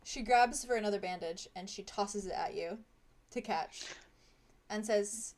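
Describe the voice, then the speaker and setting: A woman narrating as game master of a tabletop game, chatty and quick to laugh, with many fillers. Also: mid-range voice, a little mellow.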